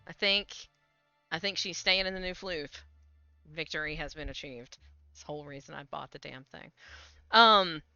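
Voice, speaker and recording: Speaking at a normal speed with frequent pauses, this woman has a deep, smooth voice with a sharp tone and no echo. She streams her gameplay with casual commentary, talks to her cats, and reads the game's text out loud. Faint game music comes through a slightly dull home stream mic.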